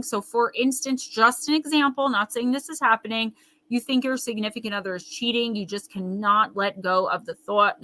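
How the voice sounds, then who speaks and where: A woman hosts a live intuitive card reading with a bright, slightly high voice. She talks to her viewers in an emphatic, chatty way. She often breaks off to answer their comments. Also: low-quality recording. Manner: reads viewer comments aloud and riffs on them. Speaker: intuitive tarot reader, host.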